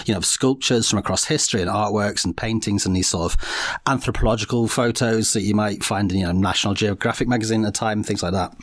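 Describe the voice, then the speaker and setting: A man hosting a podcast, chatting casually through a history story with frequent fillers and a relaxed, rambling manner. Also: lowish voice, fast talker, dry recording, studio quality. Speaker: podcast host.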